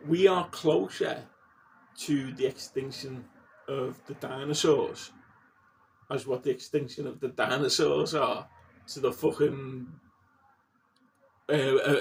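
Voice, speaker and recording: A man vlogging in a casual, blunt rant, swearing constantly and getting worked up as he talks. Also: on the high side. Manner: heavy swearing, blunt and heated; gets animated and worked up. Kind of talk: casual ranting monologue. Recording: distant mic with faint background noise.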